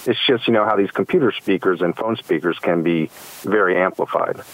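A man with a low voice calls in to a coaching show. He answers thoughtfully and agreeably, pausing often with ums as he works through how he would handle a coworker. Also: phone-quality sound. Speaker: caller. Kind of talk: call-in conversation.

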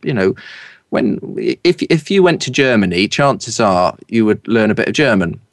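A middle-aged man from East London with a polished southern English accent, a broadcaster and speaker coach telling lively anecdotes in an interview. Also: lowish voice, no room sound, studio quality. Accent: standard southern English. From East London, England. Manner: lively, anecdotal, quick to laugh.

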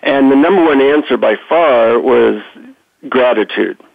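Gravelly middle-aged man on the phone. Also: mid-range voice, a little slow, no room sound. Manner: animated storyteller, chatty with fillers. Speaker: guest author and psychotherapist. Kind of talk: phone-in radio interview. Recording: tinny phone line.

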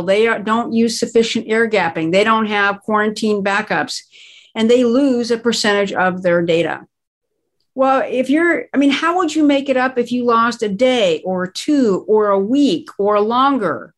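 A woman who is a guest expert, speaking in a conversational interview and explaining crisis planning emphatically, stressing her key words. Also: a little high.

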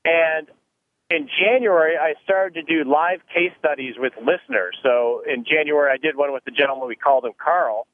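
Over a tinny phone line, a man with a somewhat high voice talks at normal speed as a guest in an interview. He explains retirement planning thoughtfully, frequently restarting his sentences.

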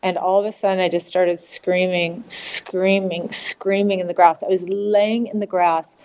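A middle-aged woman, a podcast guest, recounting a painful personal story with halting restarts and fillers. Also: lowish voice, little pitch movement, darkish tone. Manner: halting, with many restarts and fillers, acting out quoted voices.

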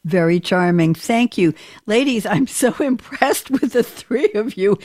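Animated woman hosting a talk show. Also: fairly high pitch, no room sound, clean studio sound. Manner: animated, acts out quoted dialogue. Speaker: radio show host. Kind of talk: casual interview chat.

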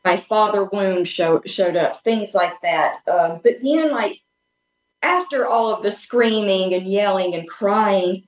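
A woman guest speaks over a remote call from an echoey room. Her telling is casual and earnest, full of restarts and fillers as she circles her story. Her pitch sits in an ordinary middle range for a woman. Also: slow. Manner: rambling, with many restarts and fillers; earnest and open. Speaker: podcast guest.

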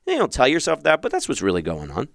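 A man hosting a show and telling his own story in a relaxed monologue, with many restarts and with past thoughts acted out in a raised voice. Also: mid-range voice, fast talker, vocal fry, dry recording, studio quality. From Philadelphia. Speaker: podcast host and relationship coach.

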